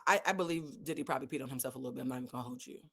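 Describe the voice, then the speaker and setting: A woman's voice: very deep voice, racing, a bit bright, breathy edge. A woman hosting a commentary channel, telling a story in casual, profane speech and reading quotes aloud with emphatic bursts.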